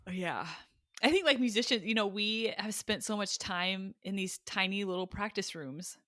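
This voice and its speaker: A woman's voice: mid-range voice, moderate pace, a bit bright, no room sound. Dry-sounding woman host, agreeable. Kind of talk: casual interview talk.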